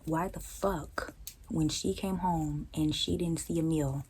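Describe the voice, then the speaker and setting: A young woman vlogging close to the mic, ranting casually in a blunt, profane, animated way. Her voice sits low and mellow, and it jumps into high incredulous tones now and then. A faint hiss runs under her speech. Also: takes it slowly, rough recording. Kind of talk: casual storytelling rant.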